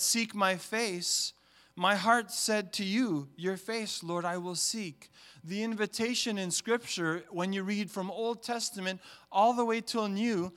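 A man preaching a sermon as pastor to his congregation, building to loud, emphatic peaks and acting out family stories. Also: sits high, clear, resonant tone. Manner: acts out family stories with voices.

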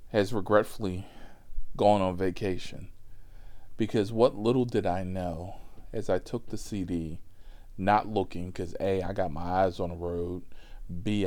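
A middle-aged man with a lowish voice tells a comedic story, swearing freely. He sounds exasperated and sometimes drops into whispered asides. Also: a little mellow. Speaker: podcast host.

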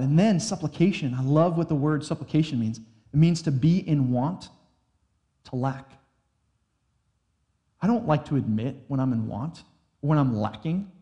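A young adult man preaching a sermon, earnest and conversational, slowing down for emphasis. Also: fairly high pitch, warm tone. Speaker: pastor.

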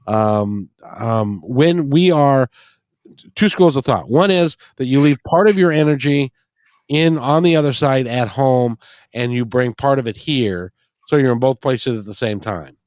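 A man's voice: mid-range voice, a little slow, a little mellow, no room sound, studio quality. A man hosting a casual interview, hesitant with frequent restarts and fillers.

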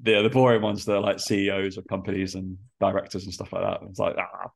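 Nasal, gravelly-voiced man. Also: low-pitched, level tone, fast. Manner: rambling, full of fillers, laughs often. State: congested, nasal from a cold. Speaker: personal trainer and podcast host. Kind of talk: casual podcast chat.

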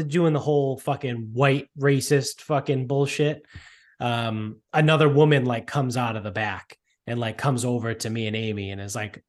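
A man's voice: medium pitch, normal speed. A man casually telling a rambling, profane story about an airport mix-up, full of asides and filler words. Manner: profane, rambling, animated retelling. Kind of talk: casual chat.

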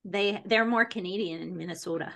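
A woman's voice: medium pitch, a little fast, gravelly, bright, forceful tone. A woman hosting a casual book podcast, chatty and enthusiastic, often laughing as she talks. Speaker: podcast host.

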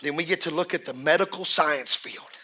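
A middle-aged male pastor with a high, bright voice preaches in a church. He drops low and quiet for confiding asides, then builds to loud, shouted climaxes. His delivery swings hard between intimate and thunderous. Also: a little fast. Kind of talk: sermon. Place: church service in a room.

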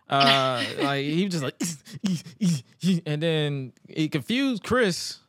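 A man co-hosting a podcast and recapping wrestling in a casual, animated way. He stammers and acts out quotes. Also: fairly high pitch, slow pace, no room sound, studio quality. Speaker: podcast co-host.

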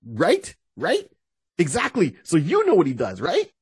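A man co-hosting a casual podcast, animated and breaking into quoted voices as he talks. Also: a little high, unhurried, slightly rough, no room sound. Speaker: podcast co-host. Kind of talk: casual chat.

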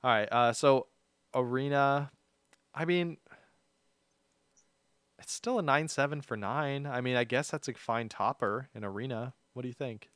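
A man's voice: medium pitch, measured pace, long pauses, a bit bright, smooth, no echo. A man hosting a podcast in upbeat, chatty casual talk, laughing easily. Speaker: podcast host. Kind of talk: casual chat.

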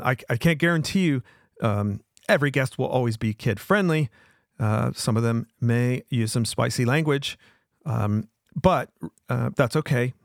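A man's voice: mid-range voice, no echo, clean studio sound. A middle-aged man from the American South hosting his own show in an earnest, emphatic monologue that often repeats itself. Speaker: podcast host.

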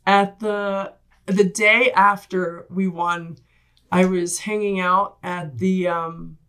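A woman guest in a podcast interview, telling a story in a casual, animated way, acting out quoted voices and laughing often. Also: fairly low pitch, slow, clean tone. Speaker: guest, Olympic rower.

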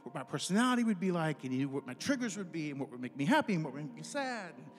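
A man in his fifties giving an informal, conversational sermon, acting out his inner dialogues in lively voices and closing in prayer. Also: a little high, very fast. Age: 50s. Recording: music playing behind.

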